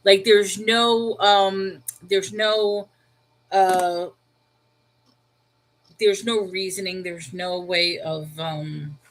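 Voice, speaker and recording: A woman's voice: mid-range voice, steady tone, drawn-out words, pauses often, slight background noise, poor audio. Woman, New York accent, livestream host; casual and conversational, reacting to viewer comments as she goes. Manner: talks things through out loud, reacting to viewer comments. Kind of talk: casual live-chat reply.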